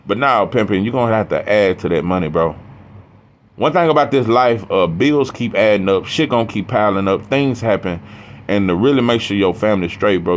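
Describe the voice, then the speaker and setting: A man's voice: lowish voice, slight background noise. A middle-aged man gives a blunt, preachy, profane monologue about boxing, saying "bro" over and over. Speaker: boxing commentator. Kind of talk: casual monologue.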